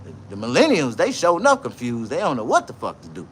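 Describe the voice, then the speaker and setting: A man's voice: mid-range voice, huge pitch swings, fast, a little hiss or hum. Boisterous, profane man telling stories. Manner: loud, profane, boisterous banter. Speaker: vlogger. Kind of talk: casual livestream storytelling.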